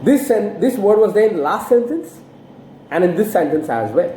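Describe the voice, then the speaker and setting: A woman teaching English intonation in an online lesson, speaking deliberately and emphatically with sweeping pitch. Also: expressive, dark tone, slight background noise. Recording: roomy echo.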